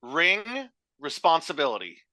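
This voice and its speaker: Bright, lively joking man on a podcast. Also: on the high side, normal speed, no echo. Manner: joking, laughs often at own puns. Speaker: podcast co-host. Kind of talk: casual chat.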